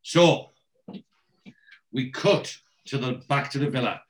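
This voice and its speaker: A man's voice: mid-range voice, slow pace, reverberant. A man casually recapping a TV episode, chatting along and quoting characters, and often stopping to correct himself. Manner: chatty, bounces between narration and quoted lines, corrects himself. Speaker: podcast host recapping a TV episode.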